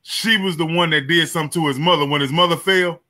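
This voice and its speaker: A man's voice: on the high side, steady tone, fast, pushed and bright. A man from the American South, telling stories in a heated, emphatic way in a casual comedy chat.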